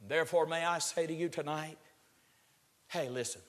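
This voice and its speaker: A male preacher delivering a sermon, swinging from low murmurs to shouted, drawn-out climaxes. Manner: stretches words for emphasis. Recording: long hall reverb.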